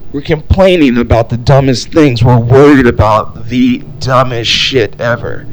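A man's voice: medium pitch, slight background noise. A young man hosting a solo podcast, ranting in a rambling way with lots of swearing and fillers. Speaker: podcast host.

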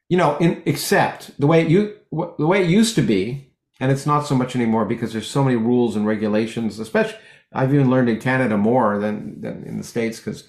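A middle-aged man, a physicist guest in an interview, talking in long rambling stretches full of restarts and lively anecdotes. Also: mid-range voice, vocal fry, roomy sound. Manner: rambling with many restarts, animated when telling jokes. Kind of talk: conversational interview, anecdotal storytelling.

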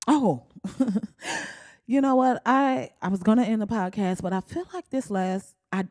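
A woman hosts a comedy podcast alone, speaking. She is blunt and profane and keeps jumping into high, animated exclamations. Her voice is dry and close to the mic, with no room sound. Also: normal speed, dry recording. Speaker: podcast host.

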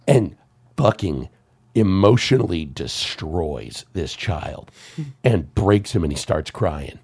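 A man hosting a casual film chat, an animated storyteller who swears and laughs often. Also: low voice, slow pace, husky. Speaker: podcast host.

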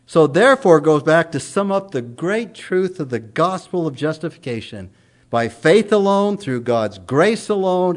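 A middle-aged man preaching a sermon in an earnest, emphatic way, his voice rising and falling strongly. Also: a little high.

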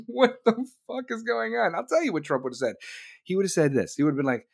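A man's voice: high-pitched, brisk, gravelly. A man ranting heatedly in a profane, mocking comedic tirade. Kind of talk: profane comedic political rant.

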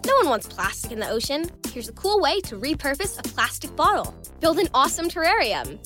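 Woman, ad announcer, high pitch, lively, peppy, soft music behind. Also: a little fast. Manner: bright, peppy. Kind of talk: upbeat public service ad. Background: light music.

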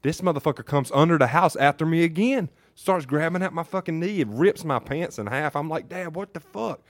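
A man's voice: a little high, fairly quick, no room sound. A man co-hosting a casual podcast, telling a heated, profanity-heavy story. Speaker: podcast co-host.

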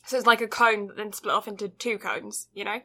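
A British woman co-hosting a podcast, chatting casually and telling stories with quick asides. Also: mid-range voice, steady tone, sharp tone. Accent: British English. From Britain. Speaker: podcast co-host.

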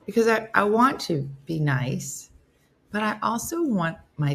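A woman's voice: mid-range voice, sing-song, measured pace, vocal fry. A woman hosting a casual live morning stream, chatty and playful, teasing her viewers. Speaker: host of a live morning show.

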